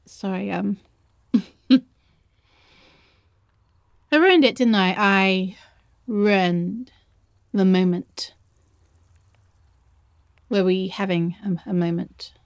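Girl doing a shy nervous young woman, stammers a lot, slow halting talk, dry close sound. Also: mid-range voice, creaky, no echo. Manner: stammering, hesitant, nervous laughter. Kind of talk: audio role-play.

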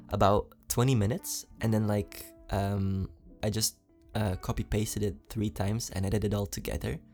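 A man with a slight foreign accent and a fairly low, warm voice answers fan questions as an ASMR creator. His talk is casual and chatty, packed with fillers and giggles.

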